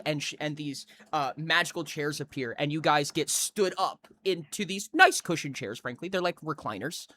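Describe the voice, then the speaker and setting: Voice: medium pitch, normal speed, hardly any pauses, a bit bright. A game master narrating a tabletop game scene by scene, vivid and building detail.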